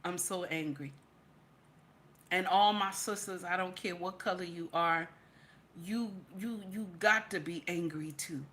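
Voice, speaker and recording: Slow, emphatic New woman host. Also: lowish voice, steady tone, a bit bright. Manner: repeats phrases, emphatic, reads chat aloud. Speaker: livestream reaction host. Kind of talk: casual livestream commentary.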